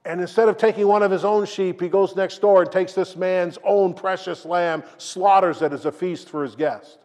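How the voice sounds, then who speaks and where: A man preaching a sermon, retelling a story dramatically and swinging between loud and hushed delivery. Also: sits high, steady tone, moderate pace. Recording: long reverb of a large hall.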